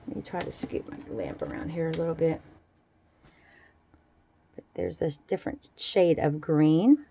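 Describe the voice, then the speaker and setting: A woman casually showing off her handmade jewelry in a relaxed, chatty way at a home craft table. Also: low voice, measured pace, vocal fry, a little hiss or hum. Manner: chatty, relaxed, fond little asides. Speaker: jewelry-making vlogger. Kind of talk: casual show-and-tell.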